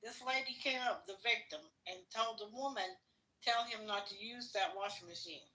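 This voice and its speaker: A woman's voice: mid-range voice, moderate pace, sharp tone, poor audio. A woman on a podcast, bluntly retelling a news story with her own asides. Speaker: podcast co-host. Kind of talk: casual storytelling.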